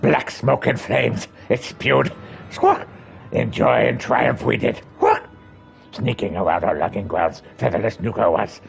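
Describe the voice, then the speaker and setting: A man voicing a proud, excitable male birdman from a game who squawks and talks in backwards word order. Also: fairly low pitch, unhurried, gravelly, heavily acted. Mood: agitated. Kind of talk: reading game dialogue aloud.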